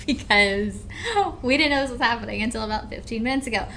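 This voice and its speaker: A woman's voice: a little high, normal speed, a bit bright, a little hiss or hum. A woman hosting a podcast in a casual, rambling, self-mocking way, tired after a night without sleep, recorded at a venue during sound check. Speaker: podcast host.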